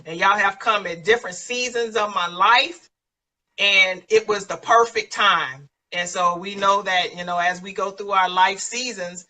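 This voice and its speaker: A woman's voice: medium pitch, fairly even intonation, unhurried, sharp tone, recorded from a distance, rough recording. A woman hosting a live online show, emotional and effusive, thanking guests and announcing an event. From San Antonio, Texas. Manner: emotional, effusive, laughs often. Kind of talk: live-stream chat and announcements.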